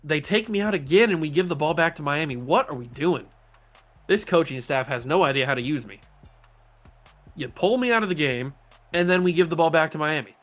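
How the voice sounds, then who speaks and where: Gaming YouTuber, male, slightly high voice, lively play-by-play with playful trash talk, soft music underneath. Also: fairly quick. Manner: excitable, playful trash talk about his own plays. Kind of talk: gameplay commentary.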